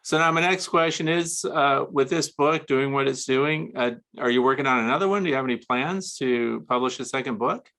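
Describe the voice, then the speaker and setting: Bright-voiced man hosting an interview. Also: mid-range voice, normal speed, few pauses. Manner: chatty, curious, asks follow-up questions. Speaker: interviewer host. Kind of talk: casual interview chat.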